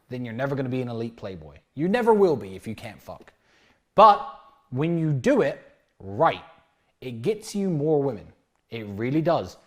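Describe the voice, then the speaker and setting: A man in his thirties giving a brash, animated dating lecture, often acting out bits of dialogue. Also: a little high. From United Kingdom. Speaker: dating coach. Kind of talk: lecture-style monologue.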